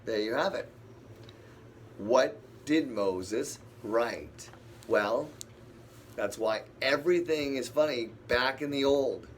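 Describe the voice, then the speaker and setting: A man's voice: medium pitch, slow, a little hiss or hum. A man leading a casual Bible study, rambling, thinking aloud and answering the verses he reads. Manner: rambling, thinks aloud and talks back to scripture.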